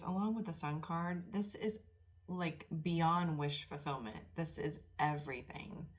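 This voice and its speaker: A middle-aged woman with a low voice gives a casual spiritual tarot reading. She talks softly and rambles, and she sounds emotional, close to tears. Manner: emotional, tearful and soft-spoken. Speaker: tarot reader.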